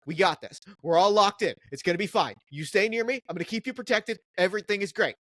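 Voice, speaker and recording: A man voicing an anxious, fussy male time traveler who talks fast and keeps reassuring himself. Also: high voice, a bit bright, no room sound, pitched above the performer's own voice.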